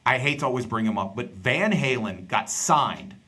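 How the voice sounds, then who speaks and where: Speaking at normal speed in a medium pitch with a breathy edge, a stand-up comedian and podcast host tells a story in casual chat. He's animated, acting out the people he quotes.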